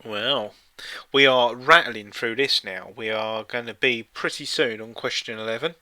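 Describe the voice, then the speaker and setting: A man's voice: mid-range voice, unhurried, pushed and bright, dry recording. A man co-hosting a live stream, reading quiz questions aloud with jokey asides in casual chat. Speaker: co-host playing a teletext quiz on stream.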